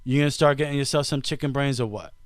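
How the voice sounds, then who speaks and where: A man hosting a casual comedy podcast, teasing his co-host, talking in quick bursts and laughing often. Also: medium pitch, no echo, clean studio sound.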